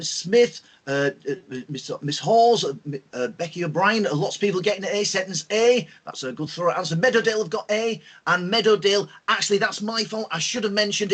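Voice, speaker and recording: Lively man teaching an online class. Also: high voice. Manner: lively, expressive teacher talk with fillers. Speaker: host. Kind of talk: online lesson for school pupils.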